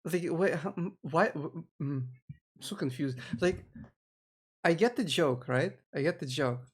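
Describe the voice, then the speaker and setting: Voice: mid-range voice, expressive, measured pace, husky. A VTuber streamer giving live, rambling reaction commentary to a video, full of restarts. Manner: rambling, confused, lots of restarts and laughs.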